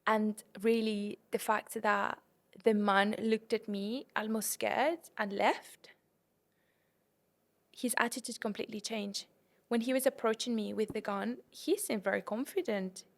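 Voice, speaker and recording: A young woman from the UK and Spain, hosting a podcast and telling a travel story in a casual, animated way, often calling her listeners "guys". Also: mid-range voice, a little slow. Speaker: podcast host.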